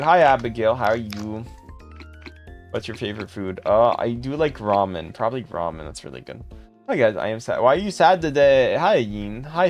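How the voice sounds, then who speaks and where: A man hosting a casual live stream, thanking and greeting viewers by name in quick upbeat bursts. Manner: upbeat, jumps into high excited calls when thanking donors. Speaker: livestream host.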